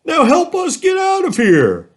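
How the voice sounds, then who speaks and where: A man voicing a panicky, clumsy male elephant with a shrill, squealing voice in a children's storybook reading. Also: huge pitch swings, a little slow, exaggerated voice. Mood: panicked.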